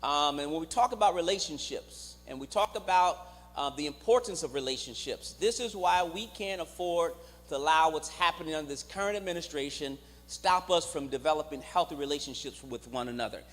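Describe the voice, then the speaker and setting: A man's voice: on the high side, animated, brisk, fairly bright tone. A man, a clinician, giving a teaching to a church congregation, speaking to the listeners directly and asking them to repeat words back to him. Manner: engages the audience directly, acts out quoted voices. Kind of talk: church teaching with call-and-response. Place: church sanctuary. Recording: reverberant church hall on a live stream.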